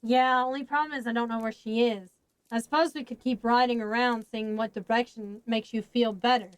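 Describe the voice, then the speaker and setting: A woman's voice: a little high, steady tone, fairly quick, clear, resonant tone, no room sound, close to an everyday voice, poor audio. A woman voicing a weary, blunt grown man in a storybook reading, talking plainly.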